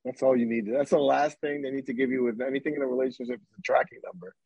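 A woman's voice: extremely low pitch, steady tone, quick pace, warm tone, husky, dry recording, lo-fi sound. A woman in casual chat, chiming in with dry, teasing comments.

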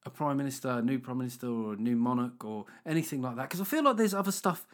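A man's voice: mid-range voice, expressive, fast talker. A man hosting a podcast, joking and bantering in a casual chat. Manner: jokey, banter-filled, laughs often. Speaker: podcast host.

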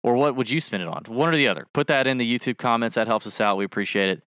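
On a fantasy sports podcast, a co-host chats jokingly at a racing pace, wandering off track and fixing his own words as he talks. His medium-pitched voice is a bit bright, and the clean studio sound has no echo.

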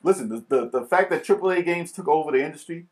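A man's voice: a little high, lively intonation, quick pace. A man co-hosting a video game podcast in casual chat, talking in an emphatic, teasing way. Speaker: podcast co-host.

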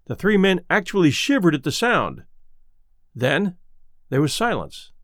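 Lively male storyteller, dry sound. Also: high-pitched, a little slow, no echo. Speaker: narrator. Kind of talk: audiobook narration.

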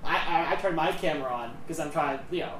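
A man's voice: a little high, fast talker, a bit bright. A young man co-hosting a casual chat podcast, rambling with many fillers and acting out quotes. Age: young adult. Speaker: co-host. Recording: roomy echo, distant mic, faint noise.

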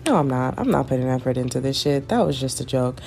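A Southern US podcaster in her twenties talks fast in a rumbling low, creaky voice that's expressive and a little mellow. It's a casual solo chat, candid and rambling, laced with swearing and laughter, with slight background noise behind her.

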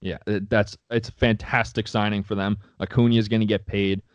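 A man's voice: lowish voice, flat delivery, a little fast, clear, resonant tone, no echo. A man co-hosting a casual sports podcast, talking in a profane, heated way. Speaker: podcast co-host. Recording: dry, slightly dull sound.

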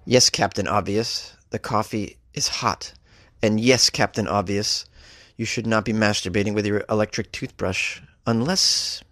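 A man's voice: lowish voice, measured pace, a bit bright, no room sound, clean studio sound. A man hosting a comedic news podcast, reading stories and riffing on them with wry jokes. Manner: wry, joking, riffs on stories. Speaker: podcast host.

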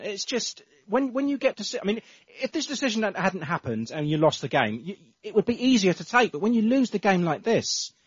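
Exasperated man, husky and lively. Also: high voice, no echo. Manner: exasperated, ranting, swearing. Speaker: podcast co-host. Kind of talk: casual football chat. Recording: dull lo-fi podcast audio.

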